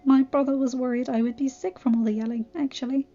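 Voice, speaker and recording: A woman voicing a young noblewoman who speaks gently and then with lively emphasis, in a fan-fiction audiobook reading. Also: high-pitched, fast, muffled recording, lightly acted. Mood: earnest.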